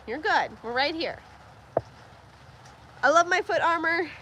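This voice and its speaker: A young woman hosting a casual farm livestream, chatty and quick to laugh as she reads viewer comments aloud. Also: very high-pitched, lively intonation, background noise. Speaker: livestream host. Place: farm barn with rain outside. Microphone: phone livestream.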